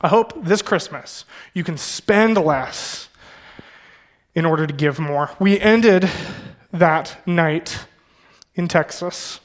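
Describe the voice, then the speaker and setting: A young male pastor with a notably high voice preaches in a church. He tells his story conversationally, full of fillers and quick self-corrections. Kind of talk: sermon with personal storytelling.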